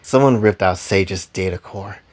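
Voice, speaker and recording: A man's voice: deep voice, unhurried, pitched below the performer's own voice. A man voicing a serious, worried young male hero in a story recap.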